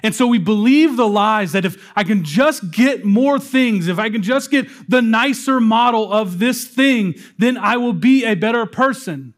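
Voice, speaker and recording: A man pastor preaching a sermon in a conversational way, slowing down for dramatic pauses. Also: sits high, lively intonation.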